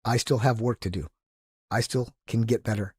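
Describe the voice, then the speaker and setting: A man in his sixties, a podcast guest who tells animated, enthusiastic stories and acts out the quotes. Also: medium pitch, normal speed, husky, no echo, studio quality. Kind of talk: casual storytelling interview.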